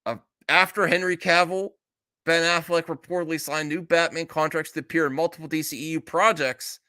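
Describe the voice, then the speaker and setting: Bright-voiced, blunt streamer man. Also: on the high side, fairly even intonation, brisk. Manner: blunt, exasperated, swears freely. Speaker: streamer host. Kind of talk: casual live-stream chat.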